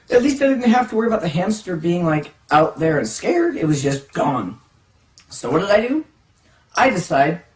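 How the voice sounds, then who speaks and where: A storyteller telling a funny childhood story in a casual, dramatic way, jumping from hushed asides to excited outbursts. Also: mid-range voice, normal speed. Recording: echoey room, distant mic, faint music.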